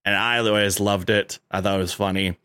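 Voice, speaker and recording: A man with a fairly low voice chats casually on a podcast, rambling through his ideas with frequent fillers and restarts. The sound is close and dry. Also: steady tone, a little fast, sharp tone, smooth, no room sound. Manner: rambling, full of likes and restarts, laughs often. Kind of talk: casual chat.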